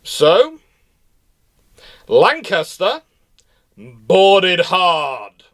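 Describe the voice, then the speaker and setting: A man presenting naval history in an enthusiastic, animated, informal lecture. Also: sits high, very slow. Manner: enthusiastic, animated storytelling with frequent restarts.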